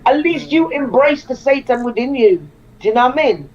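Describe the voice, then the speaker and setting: A woman speaks on a relaxed panel, earnest and insistent, circling back to the same words to drive them home. Her voice sits a little high. The sound is dull and lo-fi. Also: brisk. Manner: earnest, repeats phrases for emphasis. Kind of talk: casual panel discussion.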